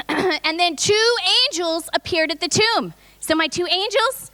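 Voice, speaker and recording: A woman's voice: extremely high pitch, measured pace, hardly any pauses, pushed and bright. A woman leading a children's Easter reenactment in a church, upbeat and coaxing as she directs the kids into place. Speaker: children's presentation leader.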